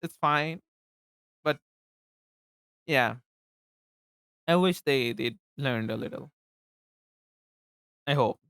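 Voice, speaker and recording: A man's voice: medium pitch, slow pace, pauses often, fairly bright tone, smooth, dry recording, clean studio sound. A young man from eastern India, Bengali native, with an Indian accent, chatting casually on a livestream, rambling with laughs and repeated words. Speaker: streamer.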